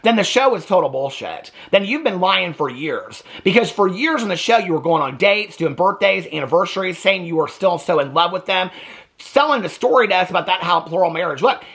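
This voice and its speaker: A man's voice: high-pitched, expressive, fairly quick, gravelly, fairly bright tone. A man giving blunt, exasperated casual commentary as a TV recap vlogger.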